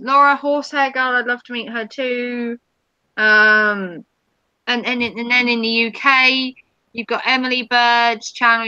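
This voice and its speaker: A woman's voice: on the high side, sharp tone, clean tone, no echo, highs cut off. A woman hosting a casual live stream, chatting with viewers and reading their comments in a rambling way with many ums.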